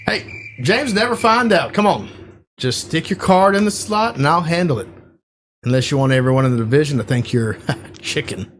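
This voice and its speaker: A man's voice: fairly high pitch, lively intonation, moderate pace, fairly bright tone, slight background noise. A man playing a pushy coworker who coaxes and teases a friend into a scheme. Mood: coaxing. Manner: coaxing and teasing.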